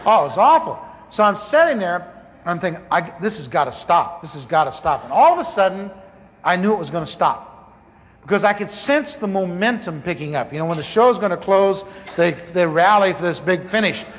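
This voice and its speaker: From the pulpit, a preacher tells the comic story of his conversion, acting out the dialogue in an animated, lively way as a storytelling sermon. His voice is high-pitched and fairly quick. The recording has large-hall reverb, faint ambience, and slight background noise.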